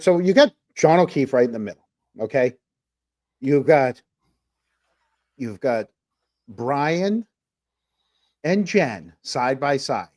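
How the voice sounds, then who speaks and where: With a fairly high pitch and a darkish tone, a man co-hosts a casual livestream talk show. He meanders through viewer comments, his speech full of fillers.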